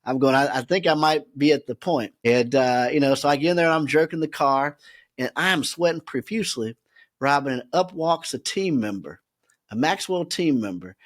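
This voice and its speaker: A man who is a podcast guest, telling a story in a lively way and often laughing as he talks. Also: a little high, normal speed. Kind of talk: animated storytelling.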